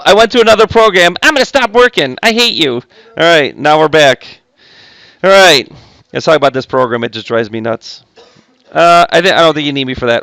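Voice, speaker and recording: A man's voice: fairly high pitch, a bit bright, no echo. A man teaching a math class, chatty and joking with his students between steps. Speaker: high school math teacher. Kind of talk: recorded classroom lesson.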